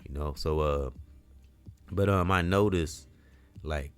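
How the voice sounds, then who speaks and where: A man's voice: very deep voice, slow, smooth, faint music behind. A middle-aged man talking straight to camera in a casual, earnest, rambling monologue, full of "you know" and the odd curse word. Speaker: community vlogger.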